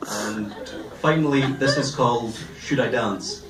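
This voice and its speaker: An eighteen-year-old man doing a stand-up comedy set on a club stage, delivering deadpan one-liners with pauses. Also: mid-range voice, heavy background noise. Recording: roomy live club sound from a distance.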